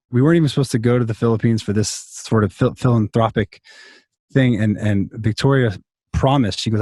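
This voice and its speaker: A man's voice: mid-range voice, mellow, no echo, clean studio sound. A man telling a long story in a casual interview over a video call, rambling with many restarts and fillers. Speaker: songwriter guest.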